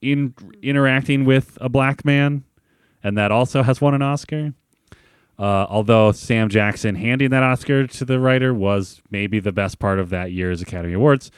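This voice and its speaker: A man's voice: mid-range voice, moderate pace, smooth, dry recording, studio quality. A man in his thirties co-hosting a podcast in casual chat, hedging a lot and filling his talk with "like". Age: 30s. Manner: hedging, full of "like" fillers. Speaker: podcast co-host.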